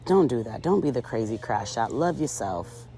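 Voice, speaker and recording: A woman's voice: very deep voice, expressive, moderate pace, dark tone, a little hiss or hum. Sassy chatty woman vlogger. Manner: sassy, chatty, full of fillers; addresses viewers as girl and ladies. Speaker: reality show recap vlogger. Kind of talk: casual commentary.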